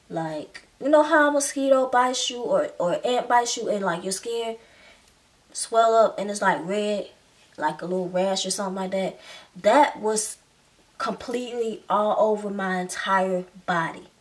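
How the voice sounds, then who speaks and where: Chatty young woman telling a story. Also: mid-range voice. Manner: chatty, heavy use of filler words. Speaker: vlogger. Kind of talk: casual storytelling. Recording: slightly distant mic.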